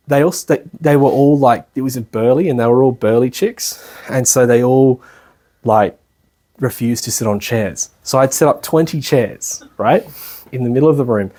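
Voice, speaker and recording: In a retreat centre lecture room, an Australian man gives a relaxed spiritual talk in a warm, mid-range voice at a moderate pace. He's chatty and colloquial, often checking in with the audience and playing out the people he talks about.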